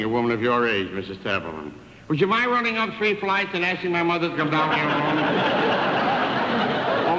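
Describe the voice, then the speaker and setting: An older man performs a vaudeville stand-up routine, wisecracking through one side of a telephone call. His voice leaps up and down, a little higher than most men's. It was captured in an echoey 1960s television theater with a long reverb and clear crowd noise behind him. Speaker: comedian. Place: theater stage with live audience.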